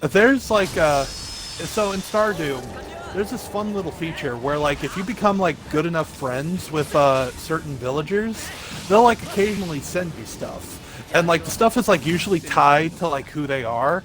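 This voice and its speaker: A young man streaming a game, telling a rambling story in casual chat and leaning heavily on filler words. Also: fairly high pitch. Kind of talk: casual chat while gaming. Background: game music.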